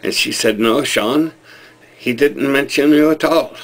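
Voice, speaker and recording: A man's voice: mid-range voice, unhurried, pitched above the performer's own voice, natural voice. A man putting on an Irish accent to play a chatty Irish man telling a joke. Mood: jokey. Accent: put-on Irish. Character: joking Irish man telling a pub yarn.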